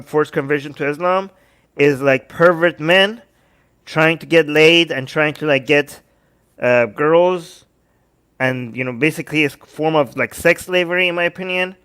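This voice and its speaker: A man hosting a livestream, reacting to videos with sarcastic, animated commentary and talking to his chat. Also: on the high side, a little slow, clean tone. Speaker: livestream host.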